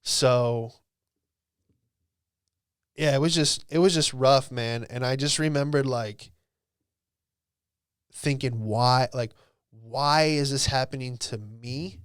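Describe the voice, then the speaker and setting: A young man hosting a podcast, telling a personal story in a rambling, profane way full of "bro" and "dude", sometimes dropping to a hush. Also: medium pitch, slow pace, long pauses, clear, resonant tone, dry recording, clean studio sound. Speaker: podcast host. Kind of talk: casual storytelling monologue.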